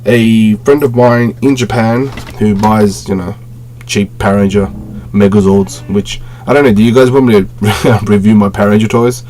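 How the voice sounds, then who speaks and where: A man's voice: lowish voice, normal speed, a little mellow, slight background noise. Rambling man reviewing a collectible on webcam. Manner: rambling, many fillers and self-corrections. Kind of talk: casual webcam product review. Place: home room with display shelves.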